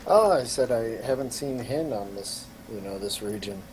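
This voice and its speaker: A man speaks in character during a tabletop game, friendly and halting. He stumbles over his words, with a middle-range voice. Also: medium pitch, expressive, background noise. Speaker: player.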